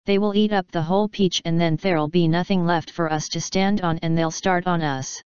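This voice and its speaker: Anxious lady spider, pleading a woman reading, crisp low voice. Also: steady tone, a little fast, a little mellow, no echo, lo-fi sound, natural voice. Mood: fearful. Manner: pleading, fearful.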